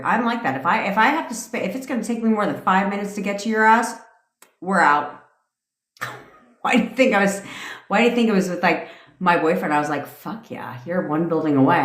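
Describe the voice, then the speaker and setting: A woman's voice: lowish voice, fairly bright tone, reverberant. A middle-aged woman talking casually on a livestream, blunt and profane, telling a dating story and laughing often. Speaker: manifestation coach on a livestream.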